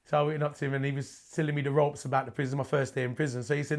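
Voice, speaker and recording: A man's voice: fairly high pitch, little pitch movement, racing, creaky. A man from London with a London accent, a guest telling prison stories in a casual interview, swearing freely and acting out the dialogue. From Hackney, London.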